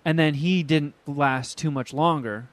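A man co-hosting a casual podcast chat, telling stories in a profane, animated way with acted-out quotes. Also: a little high, unhurried, dry recording. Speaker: podcast co-host.

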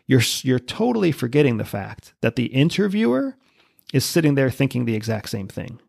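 Gravelly, husky man explaining confidently. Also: medium pitch, big pitch swings, a little fast, a little mellow, no room sound, clean studio sound. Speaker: podcast guest, former spy. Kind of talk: casual interview talk.

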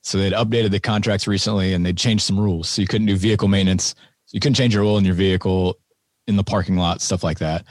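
Husky, low-voiced man telling stories. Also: fairly even intonation, quick pace, dry recording, studio quality. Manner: laid-back, wry, laughs often. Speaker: podcast guest, farmer. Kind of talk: casual conversational storytelling.

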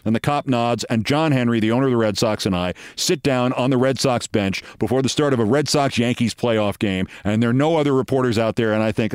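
A man's voice: mid-range voice, fairly quick, hardly any pauses, clear, resonant tone, no room sound, clean studio sound. A man, a podcast host telling a wry anecdote and acting out the voices of the people in it. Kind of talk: storytelling monologue.

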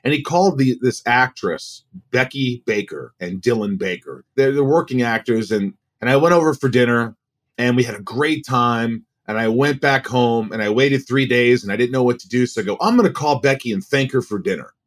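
A man in his forties, a guest actor, telling stories in a casual, animated way and acting out the voices he quotes. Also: mid-range voice, normal speed. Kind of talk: casual storytelling.

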